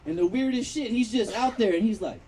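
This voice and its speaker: This high-voiced man talks a little fast while telling profane stories and acting out characters in his stand-up set. He's a comedian from Long Beach, California, playing an outdoor backyard patio show. Heard from afar over crowd laughter, the recording has a noisy background.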